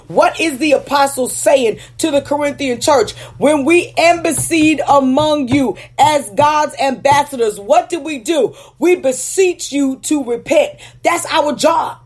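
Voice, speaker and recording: High-voiced woman preaching emphatically. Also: darkish tone. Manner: emphatic, checks in with "Okay?"; slows down to stress key words. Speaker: preacher teaching ministers. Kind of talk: teaching sermon with scripture readings.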